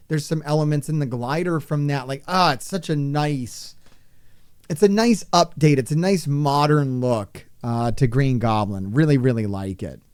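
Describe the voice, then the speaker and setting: A man hosting a live game stream, talking to his chat in an excitable, profane, rambling way. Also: a little high, clean tone, no room sound, clean studio sound. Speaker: gaming streamer.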